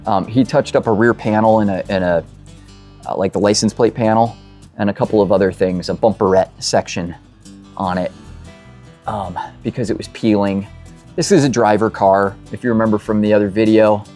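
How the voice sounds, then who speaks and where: A man's voice: fairly low pitch, fairly even intonation, normal speed, a little mellow, soft background music. A man working as a mechanic, chatting in a rambling, self-deprecating way as he works on a car in his workshop. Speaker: mechanic and show host. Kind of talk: casual talk while working on a car.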